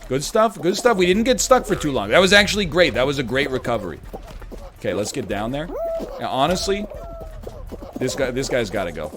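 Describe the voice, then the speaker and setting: A man in his thirties giving casual gameplay commentary, chatty and prone to sudden excited yelling. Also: medium pitch, brisk, background noise. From Canada. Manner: animated, jumps from chatty riffing to excited yelling at the game. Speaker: gaming commentator.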